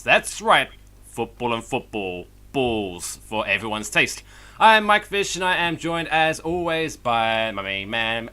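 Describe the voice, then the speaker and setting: A man's voice: mid-range voice, sharp tone. A man hosting a podcast, chatting casually with loose, joking, rambling talk. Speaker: podcast host. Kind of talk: casual chat.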